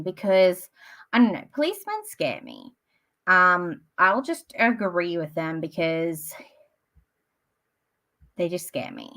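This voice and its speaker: A woman's voice: mid-range voice, very animated, unhurried, pauses often, bright, forceful tone. A woman, chatting casually and rambling on a live stream, full of "like" and "um". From Australia. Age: late 20s. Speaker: book streamer.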